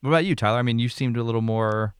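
A man's voice: mid-range voice, smooth, dry recording. Man hosting a casual film podcast, dry sound. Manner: casual, swearing, quick to laugh. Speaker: podcast host.

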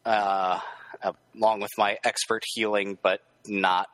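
A man's voice: lowish voice, little pitch movement, slow pace, a bit bright, no room sound. A man playing a text adventure with a friend, hesitant with many ums and full of dry joking asides. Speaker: guest player. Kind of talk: casual chat playing a game.

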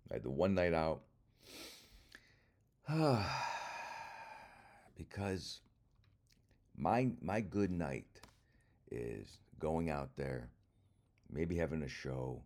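A very low, deep voice from an older man rambling casually. He is wry and self-mocking, drops swear words without a pause, and talks like a comedian telling stories to camera. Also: lively intonation, darkish tone.

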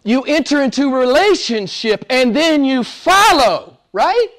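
A man's voice: extremely high pitch, very animated, a little slow, a bit bright. A male pastor preaching a sermon in an emphatic, conversational way, speaking directly to his congregation.

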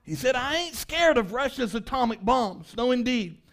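A male preacher giving a fiery sermon, asking the congregation questions and building to impassioned shouts. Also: animated, moderate pace. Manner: high-pitched, emphatic, sweeps between quiet and loud.

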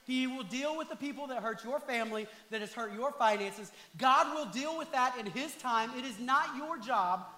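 A male pastor preaching a passionate sermon, at times rising to shouts and talking directly to the congregation. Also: very high-pitched, normal speed, hardly any pauses, echoey room.

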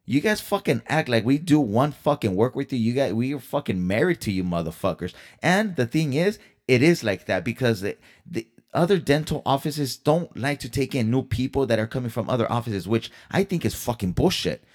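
Brisk and mid-range, with big swings in pitch, this man's voice drives a solo storytelling rant on his own podcast. As host, he vents heatedly, swearing freely and tossing rhetorical questions at his audience.

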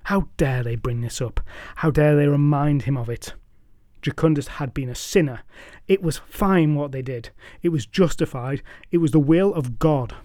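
A man narrating a folk tale with a measured, dramatic and wryly humorous delivery. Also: on the high side, mellow, no echo, studio quality. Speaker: storyteller. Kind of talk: scripted storytelling narration.

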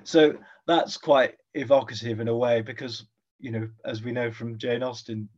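A man's voice: mid-range voice, steady tone, normal speed, darkish tone, highs cut off. A man answering interview questions as a guest historian, thoughtful and hesitant, with frequent fillers. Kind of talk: conversational interview.

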